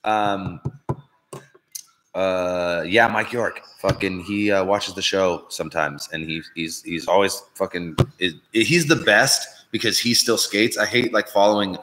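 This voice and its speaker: A man's voice: low voice, steady tone, unhurried, background noise. A man hosting a live-stream show, chatting casually in a profane, rambling, jokey way. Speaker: podcast host.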